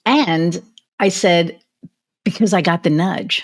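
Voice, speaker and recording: A woman's voice: fairly low pitch, slow pace. A woman hosting a podcast, talking casually with lots of fillers and a chatty manner. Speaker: podcast host.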